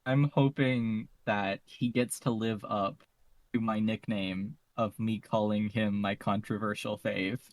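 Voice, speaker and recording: A man's voice: lowish voice, steady tone, measured pace, no room sound. A man co-hosting a podcast in casual discussion, talking eagerly and laughing easily. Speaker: podcast co-host.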